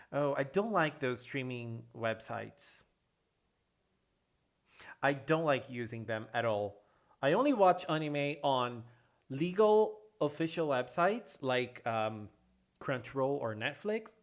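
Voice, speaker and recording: A streamer hosting a casual livestream, chatting with viewers and answering chat in an excitable way, often repeating phrases. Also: mid-range voice, unhurried, long pauses. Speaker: livestream host reading chat.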